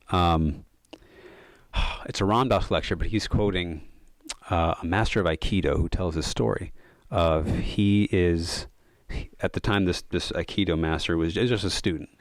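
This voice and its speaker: A man with a very deep voice, recorded close and dry, talks through his ideas as a podcast guest. He tells stories in a loose, thoughtful way, often saying "like" and "um". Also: dry recording. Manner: thoughtful, many fillers of "like" and "um". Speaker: podcast guest, yoga and meditation coach. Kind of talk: casual reflective storytelling.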